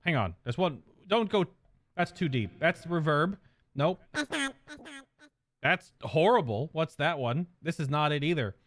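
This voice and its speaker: A man's voice: fairly high pitch, expressive, a little slow, pauses often, fairly bright tone, no echo. A man streamer giving casual, rambling reaction commentary in an amused way.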